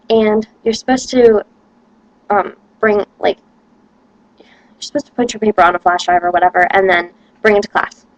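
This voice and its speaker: A woman's voice: on the high side, no echo, rough recording. A young woman, a college student, rambling casually to camera and complaining with lots of "like". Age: young adult.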